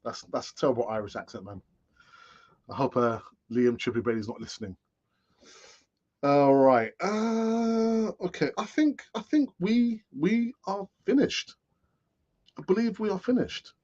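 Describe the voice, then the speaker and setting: A man's voice: high-pitched, a little slow, darkish tone, muffled recording. A man in his late fifties hosting a live-stream fan show, rambling in a chatty way with many fillers and restarts. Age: late 50s. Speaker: football fan channel host. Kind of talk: live-stream chat commentary.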